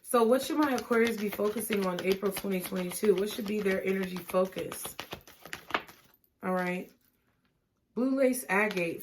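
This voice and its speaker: A woman giving a tarot reading, talking gently and reassuringly and often checking in with "okay?". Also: medium pitch, fairly even intonation, moderate pace, noisy background. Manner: casual, laughing and swearing at times. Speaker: tarot reader.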